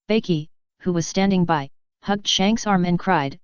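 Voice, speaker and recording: A woman narrating an audiobook with a very smooth, clean voice pitched on the low side. She reads in a plain, even way. The audio is dry and a little dull. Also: normal speed, dry recording.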